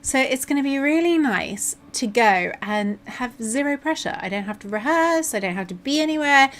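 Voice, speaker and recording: Livestreaming her coding, this English woman with a southern accent keeps up casual, playful chatter, full of jokes and goofy voices. She speaks in a high-pitched, expressive, fairly bright voice at a moderate pace.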